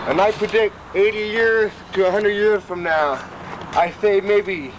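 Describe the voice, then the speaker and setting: Brief: out-of-breath male public-access TV host, rambling and profane, pitched a bit high, loud traffic noise around him. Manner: rambling, profane, loose, repeats himself. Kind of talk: rambling talk to camera. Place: outdoors at a friend's house.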